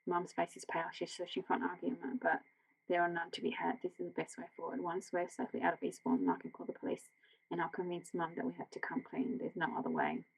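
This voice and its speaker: An Australian woman reading a novel aloud as a bedtime story, in a quiet, gentle voice that slips into whispers. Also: lowish voice, fast, creaky, low-quality recording. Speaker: audiobook reader.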